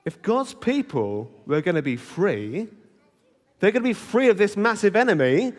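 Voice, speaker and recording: A man giving an animated Bible talk at a children's holiday club, asking the children questions as he goes. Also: medium pitch. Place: church hall. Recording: reverberant hall.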